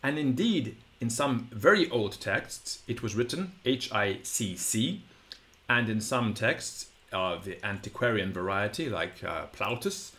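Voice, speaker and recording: Man explaining at a patient, unhurried pace. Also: mid-range voice, a bit bright. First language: English. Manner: patient, digressive explaining with slow drawn-out model words. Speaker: Latin teacher. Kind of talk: explanatory audio lesson.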